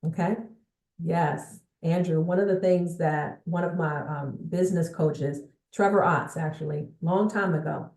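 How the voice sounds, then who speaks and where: A woman's voice: lowish voice, steady tone, a little slow, a little mellow. A woman giving a motivational sales coaching talk to viewers, emphatic and often checking in with her audience. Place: indoor room with a bookshelf behind her. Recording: echoey room.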